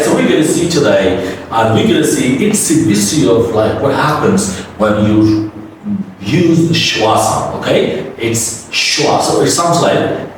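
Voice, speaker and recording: A man's voice: medium pitch, a little hiss or hum. A man teaching English pronunciation in a step-by-step lesson, often checking in with his listeners. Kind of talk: spoken classroom lesson. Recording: roomy echo, mic at a distance.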